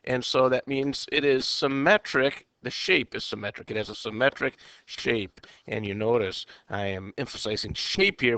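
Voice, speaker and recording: A man's voice: mid-range voice, fairly bright tone, smooth, no echo. A man teaching a recorded chemistry lecture, talking himself through problems with playful asides and quirky exclamations.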